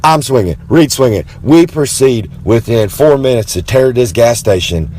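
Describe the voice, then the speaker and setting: Guy rambling through a wild story, cocky and loud-mouthed, calls himself by a nickname. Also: medium pitch, animated, a little hiss or hum. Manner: brash and boastful, talks about himself in the third person; swaggering, with drawn-out dramatic emphasis. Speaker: wrestler telling a story. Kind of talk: rambling comic storytelling monologue.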